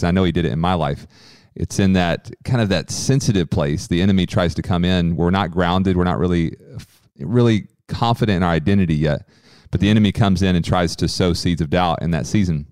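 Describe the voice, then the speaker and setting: Deep, smooth-voiced man co-host. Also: no echo, studio quality. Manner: calm, measured, quotes scripture. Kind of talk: faith podcast conversation.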